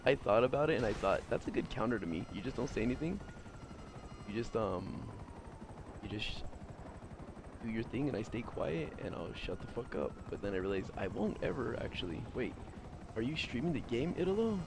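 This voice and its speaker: A young man streaming and chatting casually, loud and opinionated, rambling with lots of fillers. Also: mid-range voice, big pitch swings, moderate pace, vocal fry, noisy background. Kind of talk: casual chat while gaming.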